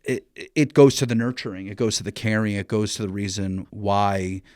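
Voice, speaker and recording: A man telling stories as a guest on a casual podcast about dog training, animated and blunt, swearing freely and restarting his sentences. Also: fairly low pitch, normal speed, no room sound, clean studio sound.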